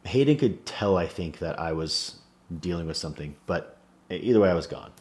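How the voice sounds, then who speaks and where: A man's voice: low voice, expressive, a little fast. A man in his thirties, a small business owner, telling a personal story in an earnest, reflective way. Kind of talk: personal vlog monologue.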